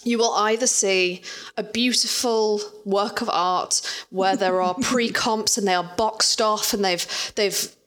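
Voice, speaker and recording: A woman's voice: mid-range voice, fairly even intonation, unhurried, fairly bright tone. A woman co-hosting a podcast, explaining visual effects work in a casual, explanatory way with dry, wry humor.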